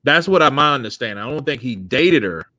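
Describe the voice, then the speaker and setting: A man hosting a casual boxing talk who is animated, laughs often and swears freely. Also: medium pitch, brisk, no room sound. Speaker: host. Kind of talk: casual chat.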